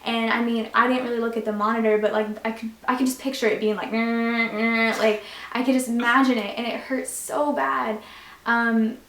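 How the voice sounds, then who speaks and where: A young woman tells a story on her vlog in a chatty, animated way, leaning on fillers as she goes. Her voice sits a little high. The room around her sounds echoey. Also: moderate pace. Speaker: vlogger. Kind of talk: casual storytelling.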